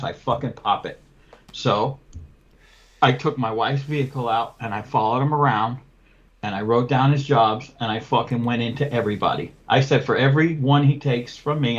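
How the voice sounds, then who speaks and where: A man chatting casually on a podcast, blunt and profane, acting out both sides of an old dispute. His voice sits at a middling pitch for a man. The recording is a little dull and muffled. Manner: blunt, profane, tells stories with quoted dialogue. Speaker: window cleaning business owner. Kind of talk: casual podcast chat, storytelling.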